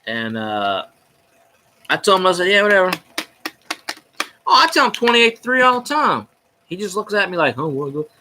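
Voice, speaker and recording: A man's voice: high-pitched, big pitch swings, moderate pace, pushed and bright, a little hiss or hum. Rowdy man ranting on stream. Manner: rowdy, profane, jokey fan ranting. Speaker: sports fan streamer. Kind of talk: casual rambling livestream chat.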